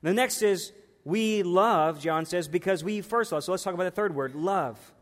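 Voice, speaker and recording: A man in his thirties preaches a sermon in a church, his voice pitched high. He talks in a conversational, emphatic way and drives points home by repeating them. The sound carries the long reverb of a large hall. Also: normal speed.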